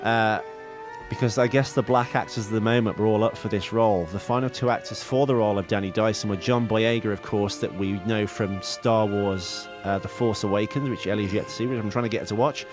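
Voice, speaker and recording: A man's voice: on the low side, steady tone, fairly quick, music in the background. A man co-hosting a podcast, chatting casually about films, rambling and correcting himself with jokes. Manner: rambling, self-correcting, jokey. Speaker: podcast co-host. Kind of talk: casual film chat.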